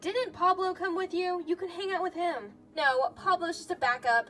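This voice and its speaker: A woman's voice: extremely high pitch, normal speed, a bit bright, faint music behind. A woman voicing a jealous young woman, eager and breathless, in a toy figure drama.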